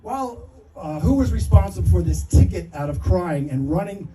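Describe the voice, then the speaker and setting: A man's voice: high-pitched, lively intonation, moderate pace, dark tone, recorded from a distance, rough recording. A middle-aged man giving a father-of-the-bride wedding speech, telling a story with self-deprecating humor and fighting back tears. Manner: self-deprecating, emotional, laughing through his story. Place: wedding reception hall.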